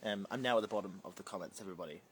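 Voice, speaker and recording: A man's voice: low-pitched, very fast, slight background noise. A young man from New Zealand with a slight British twang, answering live comments in a chatty, playful, scattered way. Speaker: drag performer reading live comments. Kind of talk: casual livestream Q&A.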